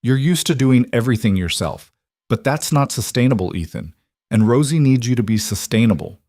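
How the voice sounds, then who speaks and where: A man voicing a calm, practical young woman nurse in a read-aloud story, steady and reassuring. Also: medium pitch, fairly quick, no echo, clean studio sound, close to an everyday voice. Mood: earnest, firm. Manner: steady, reassuring, matter-of-fact. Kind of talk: scripted story reading.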